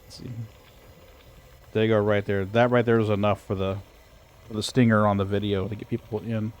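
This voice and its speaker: A laid-back male streamer with a low voice chats casually while he plays. He chuckles now and then and mutters to himself as he works. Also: little pitch movement, a little fast, darkish tone. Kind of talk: casual chat while gaming.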